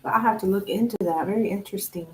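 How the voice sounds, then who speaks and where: A woman of ordinary pitch reads tarot live for her viewers, talking in a chatty, animated way. The sound is roomy, with a clear echo around her voice. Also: racing. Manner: chatty, animated, laughs often, thanks viewers warmly. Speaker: tarot reader hosting a live stream. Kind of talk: casual live-stream reading.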